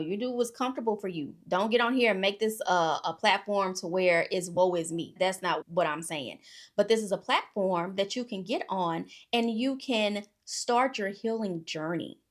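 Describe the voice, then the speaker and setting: A middle-aged woman talking casually to her viewers. She gives faith-based encouragement, calls them y'all and keeps checking in with "okay?". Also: moderate pace. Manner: preachy and emphatic, addresses viewers as y'all, frequent "okay?" check-ins; swings between soft storytelling and loud, high exhortation. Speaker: YouTube creator giving faith-based encouragement. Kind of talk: casual motivational talk to camera.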